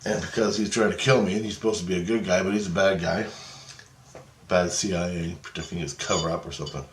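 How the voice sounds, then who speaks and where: A man with a fairly low voice tells a long story in a loose, rambling way. He gets excited and swears freely. His voice bounces around an echoey room. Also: quick pace, a little hiss or hum. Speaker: vlogger. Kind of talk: casual storytelling.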